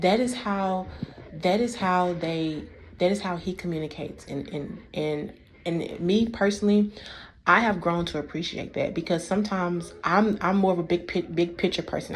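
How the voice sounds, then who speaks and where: Lively woman giving a preachy marriage talk. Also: lowish voice, slight background noise. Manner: animated, repeats phrases, preacherly rises. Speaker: faith and marriage speaker.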